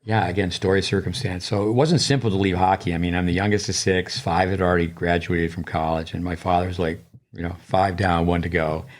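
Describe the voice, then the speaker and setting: A man's voice: low voice, fairly even intonation, a little fast. An older man, a tennis coach and podcast co-host, telling long digressive stories in casual chat, with many restarts.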